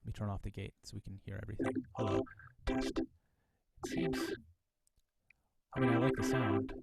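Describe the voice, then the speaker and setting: A man teaching a university music class, thinking aloud with halting restarts while testing a microphone. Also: fairly low pitch, fairly even intonation, creaky. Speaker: music professor. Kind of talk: live lecture demonstration.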